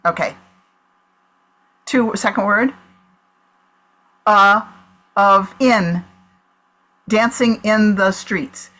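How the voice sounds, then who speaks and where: Slow, halting woman calling out clues. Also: medium pitch, pushed and bright, rough recording. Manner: slow, halting clue-giving with pauses. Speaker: guest player. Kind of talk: acting out charades clues. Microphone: video call.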